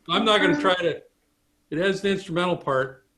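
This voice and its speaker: A man's voice: high voice, normal speed, over music. A man leading a ukulele group over a video call, chatting casually and explaining his strumming as he plays. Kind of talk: casual chat and strumming instruction. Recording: echoey room with loud ukulele. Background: ukulele playing.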